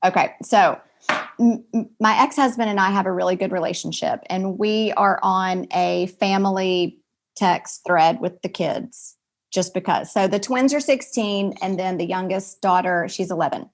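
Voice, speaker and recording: A woman in her forties, a podcast guest chatting casually and acting out family conversations with lively energy. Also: medium pitch, normal speed. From American South. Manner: animated storyteller, acts out family dialogue loudly. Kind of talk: casual chat.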